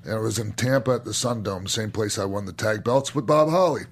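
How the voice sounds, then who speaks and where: A middle-aged man with a lowish voice, reminiscing in loose, casual podcast talk. He is enthusiastic and swears freely, often trailing off and starting his sentences over. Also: a little fast. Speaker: podcast host and former wrestler. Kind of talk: casual storytelling chat.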